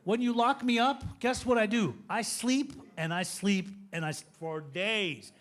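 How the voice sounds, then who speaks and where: High-voiced man telling a joking recovery story. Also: a little slow, fairly bright tone. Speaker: recovery speaker. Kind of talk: recovery testimony talk.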